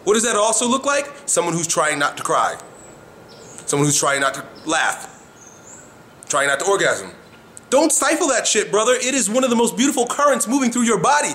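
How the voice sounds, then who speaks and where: Blunt, animated, high-voiced man coaching. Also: brisk, slight background noise. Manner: blunt, profane, demonstrative with sighs and laughs. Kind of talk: frank coaching talk.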